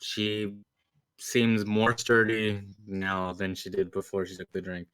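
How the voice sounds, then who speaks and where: Low, bright-voiced man running the game. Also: completely flat delivery, slow, clean tone, no echo, studio quality. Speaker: game master. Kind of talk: narrating a tabletop game.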